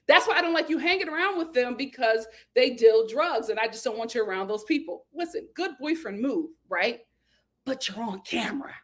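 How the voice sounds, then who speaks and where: A woman chats through a reality show recap with plenty of sass. Her voice sits high and jumps around a lot as she acts out the cast's quotes. She laughs loudly and talks straight into a close mic. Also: fairly quick. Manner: animated and sassy, acting out quotes with big laughs. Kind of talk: casual chat recap.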